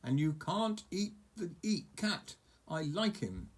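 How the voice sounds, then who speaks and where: A man's voice: high-pitched, sing-song, slow, breathy edge, pitched above the performer's own voice, full character voice. A man voicing an anxious young Viking boy, earnest and flustered.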